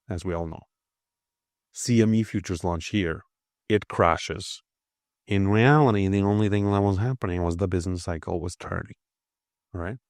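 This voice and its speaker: The host of a crypto channel talks casually over a price chart, blunt and swearing, often checking in with "okay?". His voice is low and slightly nasal. The audio is clean studio sound with no echo.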